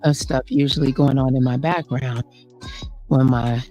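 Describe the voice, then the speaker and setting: Slow, mellow-voiced woman host. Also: extremely low pitch, steady tone, lo-fi sound, faint music behind. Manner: unhurried, thinks aloud while fiddling with gear. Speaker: YouTube host. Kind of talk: casual live stream talk.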